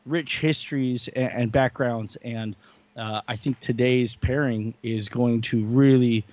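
A man's voice: medium pitch, fairly even intonation, unhurried, darkish tone, no echo, lo-fi sound. A man co-hosting a casual chat show, talking earnestly and rambling with many fillers. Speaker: podcast co-host.

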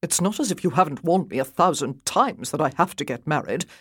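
A woman's voice: low voice, expressive, brisk, slightly rough, no room sound, studio quality. A woman reading as a blunt, impatient young earl who thinks mostly of horses, speaking in curt commands.

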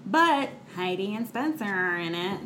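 A woman co-hosting a podcast in casual chat, animated and quick to laugh, peppering her talk with "like.". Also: medium pitch. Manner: chatty, animated, laughs often, says "like" a lot. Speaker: podcast co-host. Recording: echoey room with faint noise.

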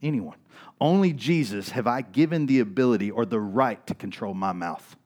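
A middle-aged male pastor telling a story in a sermon, often checking in with "right?" and swinging from loud to quiet. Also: medium pitch, animated, normal speed. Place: church.

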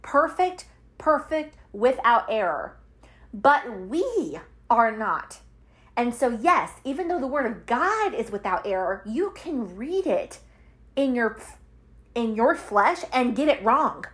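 A woman in her thirties with a slightly high voice talks straight to her women listeners in a relaxed devotional podcast chat. She is emphatic, stacks repeated words for weight and laughs easily between points. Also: takes it slowly. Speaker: Christian podcast host.

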